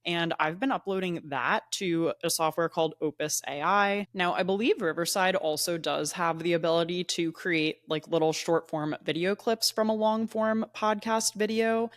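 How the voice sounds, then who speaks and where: A woman's voice: fairly low pitch, normal speed, hardly any pauses, no echo, clean studio sound. A young woman hosting her own podcast, talking casually into a plugged-in mic and saying "like" often. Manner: chatty, says "like" often. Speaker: podcast host. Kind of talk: casual solo podcast talk. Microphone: plugged-in microphone at a laptop.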